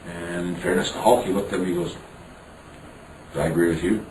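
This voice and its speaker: A man with an extremely low voice tells a story in a frank, profane way, acting out the dialogue of others. He sits well back from the mic in a roomy, echoing space with steady background noise behind him. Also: brisk, far from the mic. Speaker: interview guest. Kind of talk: candid storytelling interview.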